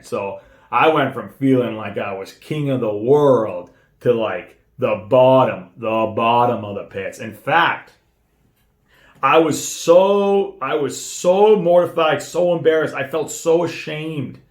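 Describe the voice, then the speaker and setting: A young man, telling a personal story as a sales trainer, emphatic and swearing freely, dropping to a hush and then getting excited. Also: medium pitch, reverberant. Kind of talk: motivational storytelling to camera.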